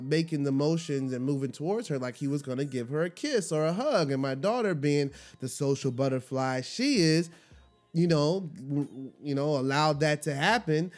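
A young man hosting a podcast, telling a personal story in an emphatic way and slowing down to stress words. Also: on the high side, a little mellow. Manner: emphatic, slows down to stress words when upset. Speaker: podcast host.

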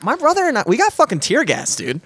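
A young man in casual chat, telling a profane, animated story and mimicking the people in it. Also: extremely high pitch, fast talker, breathy edge, no room sound.

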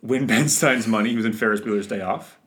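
A man's voice: fairly low pitch, fast talker, a bit bright. Joking, rambling male podcast co-host. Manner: joking, rambling, interrupts himself. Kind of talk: casual chat.

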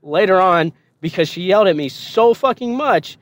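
Profane storytelling man, voice sitting high. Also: expressive, moderate pace. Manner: profane, laughing often. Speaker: podcast host telling a story. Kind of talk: casual storytelling.

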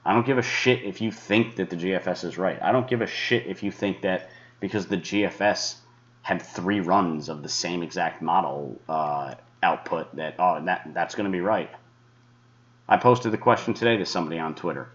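Low-voiced male podcast host, profane and heated monologue, muffled lo-fi audio. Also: normal speed, a bit bright. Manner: angry, swearing, mocking imitations of critics. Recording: dull lo-fi sound.

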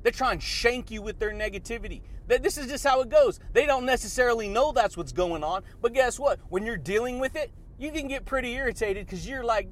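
A man hosting a motivational podcast, hyped and slangy, repeating catchphrases and laughing often. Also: sits high. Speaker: podcast host.

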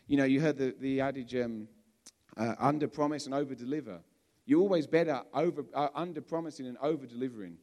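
A man from England preaching a sermon in a relaxed, conversational way, often restarting and repeating words as he talks. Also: mid-range voice, fast talker.

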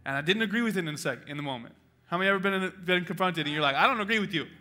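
A man preaching a sermon to his church congregation, his voice bright and forceful and pitched a little high. He tells a personal story with emotion and swells into passionate appeals, then softens into prayer. Faint instrumental music plays underneath. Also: racing. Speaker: pastor. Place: church auditorium.

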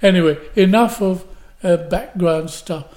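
An older man from Glasgow sits as an interview guest, recalling stories at length. His voice is warm and mellow. He acts out every quote he tells. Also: high voice, unhurried. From Glasgow, Scotland. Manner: vivid storyteller who acts out the quotes. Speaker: guest actor. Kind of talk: anecdotal storytelling.

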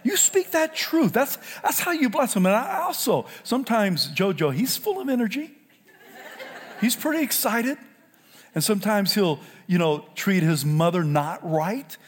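An older man from South Carolina preaching a sermon, swinging from loud shouted lines to low, quiet asides. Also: lively intonation, a little slow, in a large hall. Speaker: pastor.

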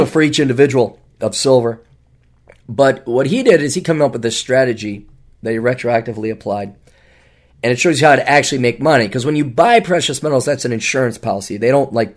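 Man, middle-aged, podcast host, solo monologue, sarcastic, rambling, sudden high emphasis. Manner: sarcastic, rambling, with big pitch jumps for emphasis.

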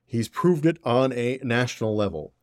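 A man's voice: mid-range voice, animated, moderate pace, no echo, studio quality, close to an everyday voice. A man doing a mocking, exaggerated put-on Southern US accent as a blustering middle-aged man.

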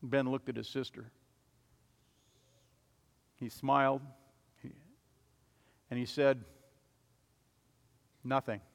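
A man's voice: medium pitch, level tone, takes it slowly, vocal fry, pauses often. Man preaching in an echoing hall. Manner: dramatic storytelling, swelling loud then dropping soft. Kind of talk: sermon illustration story. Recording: long reverb of a large hall.

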